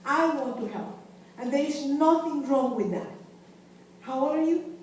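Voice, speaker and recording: A woman's voice: high-pitched, animated, measured pace, darkish tone. A woman in her fifties from Venezuela, giving a passionate, emphatic lecture to students and repeating her key phrases. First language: Spanish. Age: 50s. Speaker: guest lecturer, community health director. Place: university lecture hall. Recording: very echoey hall, distant mic, faint hiss.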